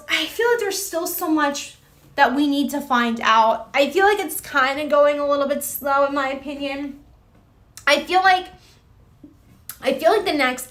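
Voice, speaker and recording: A woman with a high voice, chatting live with her viewers in a casual, rambling way. Her tone is bright and forceful, full of "like" and restarts as she reacts to comments.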